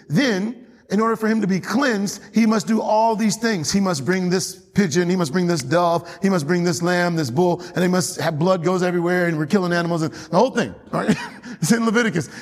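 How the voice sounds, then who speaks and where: Brisk and high-pitched, a male pastor preaches in a church hall with long reverb. He repeatedly asks the congregation questions and waits to hear them answer.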